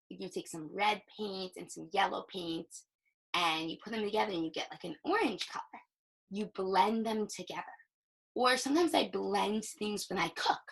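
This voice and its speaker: A young woman teaching a recorded reading lesson to young children, slowly sounding out the starts of words. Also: mid-range voice, creaky, slightly rough, poor audio. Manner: slow, animated, sounds out words.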